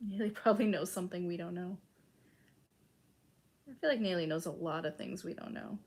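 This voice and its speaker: A woman's voice: fairly low pitch, a little fast, a little mellow. Chatty young woman from Chicago. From Chicago, United States. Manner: chatty, lots of "like", casual swearing. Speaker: streamer reading chat. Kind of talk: casual chat.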